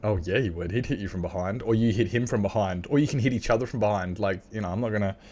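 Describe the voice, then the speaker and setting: A man's voice: fairly low pitch, fast, a little mellow. An Australian man chatting casually and candidly as a livestreamer while gaming, swearing freely and laughing often.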